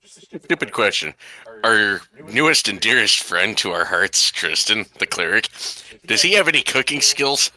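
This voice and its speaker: Wry male tabletop player; low, very bright and edgy tone. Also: sing-song, measured pace, dry recording, rough recording. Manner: joking, wry. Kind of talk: casual tabletop game chat.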